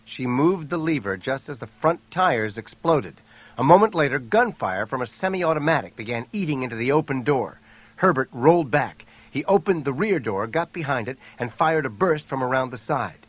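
A man narrating an audiobook thriller in a steady, even storytelling voice. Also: mid-range voice, moderate pace, dry recording. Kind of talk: scripted narration.

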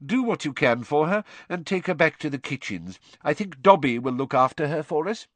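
Man voicing an old wizard headmaster, authoritative, measured, grave, lively intonation, dry sound. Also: on the high side, no echo, pitched above the performer's own voice. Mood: commanding. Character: old wise male headmaster wizard, calm and commanding.

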